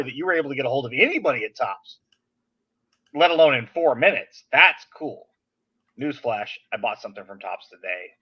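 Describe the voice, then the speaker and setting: A man hosting a casual podcast chat, telling an animated, venting story in an everyday voice. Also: medium pitch, moderate pace, highs cut off. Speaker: podcast host.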